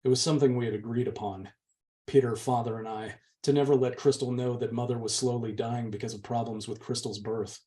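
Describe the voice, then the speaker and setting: A man's voice: medium pitch, steady tone, brisk, warm tone. A man, the channel's host, steadily reading a novel's chapter aloud. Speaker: book reader, channel host.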